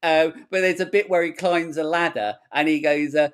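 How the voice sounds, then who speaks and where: Rambling, animated male podcast host. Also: fairly high pitch, moderate pace, smooth. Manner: rambling, animated, swears freely. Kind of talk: casual chat.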